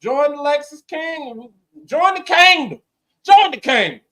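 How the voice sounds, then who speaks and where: A man co-hosting a wrestling podcast, talking in animated, slangy banter and laughing often. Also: extremely high pitch, measured pace. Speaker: podcast co-host. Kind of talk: casual wrestling chat.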